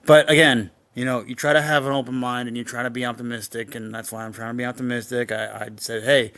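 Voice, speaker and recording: A man's voice: mid-range voice, level tone, fast, a bit bright, clear, resonant tone. A young man co-hosting a podcast, chatting loosely with many fillers and swear words. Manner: rambling, swears freely, lots of fillers. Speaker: podcast co-host. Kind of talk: casual banter.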